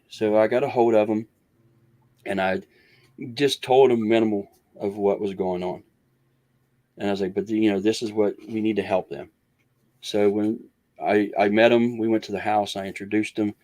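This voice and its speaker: A man's voice: fairly low pitch, flat delivery, moderate pace, darkish tone. A man telling a long story as a guest in an interview, rambling with many restarts and acting out what others said. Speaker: guest researcher.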